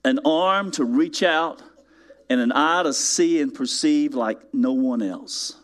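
A man preaching a sermon, slow and deliberate in places, with sudden rising emphasis on key words. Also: fairly high pitch. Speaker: pastor.

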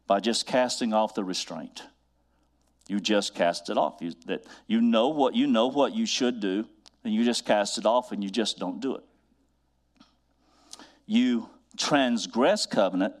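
A man preaching a sermon, building to emphatic repeated refrains and drawing out scripture quotes slowly. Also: on the low side, darkish tone. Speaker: pastor.

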